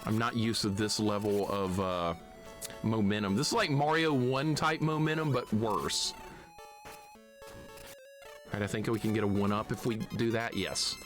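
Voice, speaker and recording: A man's voice: fairly low pitch, a little slow, long pauses, soft background music. A man from Alabama giving live commentary on a retro game, swearing at it and chuckling often. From Alabama, USA. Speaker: streamer.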